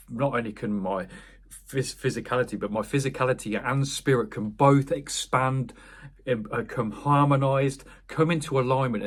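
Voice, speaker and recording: A young wellness coach with a mid-range, slightly rough voice gives an earnest, meandering spiritual monologue. He often restarts and corrects himself, laughing at himself along the way.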